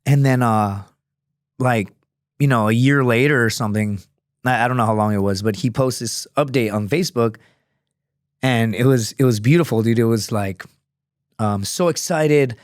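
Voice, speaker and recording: A man's voice: mid-range voice, moderate pace, long pauses, dry recording, clean studio sound. A man, a former Marine and fighter, telling a story as a podcast guest in a casual, rambling way full of fillers and swearing. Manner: profane, rambling, many fillers.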